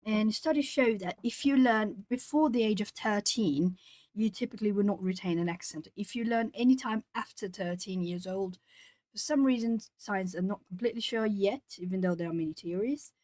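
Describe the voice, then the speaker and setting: A woman's voice: medium pitch, moderate pace, a little mellow, no room sound. Rambling Brazilian-born woman streamer. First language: Portuguese. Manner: chatty, rambling, reads chat aloud. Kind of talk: casual chat while colouring.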